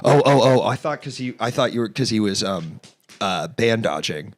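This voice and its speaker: A man's voice: on the low side, lively intonation, normal speed. A young man hosting a livestream, chatting casually and animatedly, swearing and laughing often. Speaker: streamer host. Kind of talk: casual chat.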